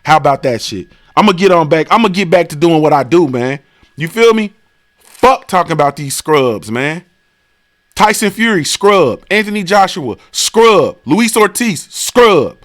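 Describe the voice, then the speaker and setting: A man's voice: fairly high pitch, lively intonation, unhurried, fairly bright tone. A man hosting a boxing stream, ranting in a profane, casual way and firing off repeated rhetorical questions. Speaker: boxing show host. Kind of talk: live-stream rant.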